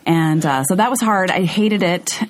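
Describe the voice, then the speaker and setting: A middle-aged woman from Montana, a guest author chatting candidly and telling animated stories in a casual conversation. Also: fairly low pitch, normal speed.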